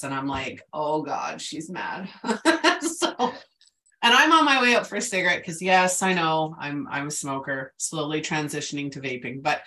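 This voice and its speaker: A woman's voice: fairly low pitch, sharp tone, recorded from a distance. A middle-aged woman hosting a casual chat, telling stories in a chatty way full of fillers and asides. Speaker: host.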